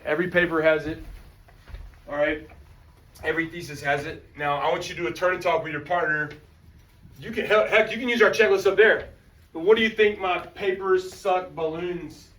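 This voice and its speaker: A male teacher giving an energetic, slangy classroom lecture and calling on students. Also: fairly high pitch, normal speed, distant mic. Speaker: high school history teacher.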